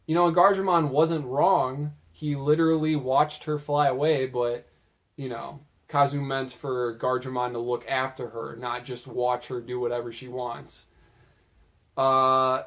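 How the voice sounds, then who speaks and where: Young man, casual recap host, slightly raised pitch, a little strained voice. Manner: casual, chatty, quoting lines in lively put-on voices. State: losing his voice. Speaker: video host recounting show moments.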